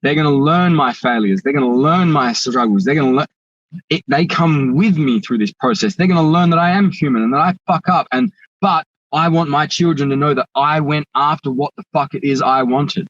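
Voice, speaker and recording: A man's voice: on the high side, a little fast, fairly bright tone, no echo, dull audio. A young man speaking as a podcast guest, candid and casual, swearing freely as he talks.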